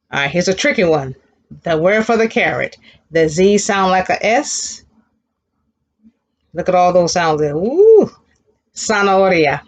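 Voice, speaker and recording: A woman teaching a children's Spanish class, patiently modeling words for the class to repeat and praising them. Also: fairly low pitch. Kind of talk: elementary Spanish lesson.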